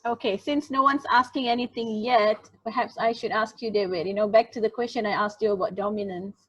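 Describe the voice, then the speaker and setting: A woman's voice: fairly high pitch, fairly even intonation, fairly quick, a bit bright, slightly rough. Woman moderating over dull call audio. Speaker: webinar moderator. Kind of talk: hosting a question session.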